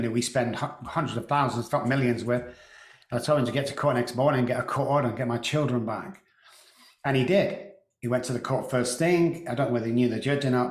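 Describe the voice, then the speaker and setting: A middle-aged man telling a painful personal story in a halting way, repeating words and often clearing his throat. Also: mid-range voice, reverberant. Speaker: guest.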